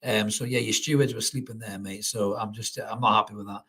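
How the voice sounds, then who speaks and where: A man's voice: on the low side, steady tone, fairly quick, bright, forceful tone, husky. A man hosting a live football reaction stream, talking casually and swearing, reading out viewer comments. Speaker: fan channel host.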